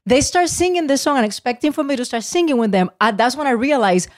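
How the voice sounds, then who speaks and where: A woman hosting a podcast, chatting and telling a story in a lively way. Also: high voice, quick pace, few pauses, no echo, clean studio sound. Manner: lively, laughs often, acts out quotes. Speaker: podcast host. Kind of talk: casual chat, storytelling.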